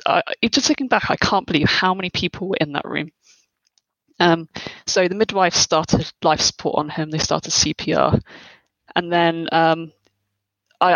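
A young adult woman as an interview guest, speaking in a hesitant, reflective way with frequent pauses and fillers. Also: sits low, a bit bright, no echo, low-quality recording. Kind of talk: personal interview, recounting.

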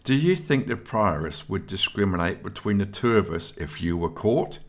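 A man's voice: lowish voice, expressive, moderate pace. A man reading an audiobook voices a fussy, exasperated young man who corrects his friend with patient primness. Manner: prim and exasperated.

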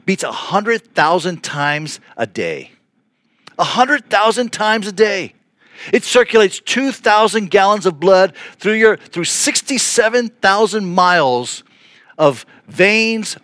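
A man in his fifties, a pastor delivering a podcast sermon in a conversational, animated way with playful asides. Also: a little high, no echo, clean studio sound.

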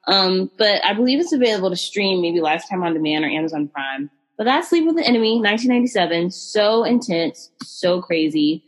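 Here a podcast host talks films in a lively, casual way, sprinkling in fillers and asides aimed at her listeners. Her voice is medium in pitch with lively intonation, and she speaks a little fast with few pauses.

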